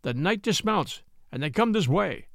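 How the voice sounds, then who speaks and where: Man playing a humble monk, lively high voice, gravelly, dry sound. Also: moderate pace, dry recording, full character voice. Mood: reporting. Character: humble male monk reporting from a window.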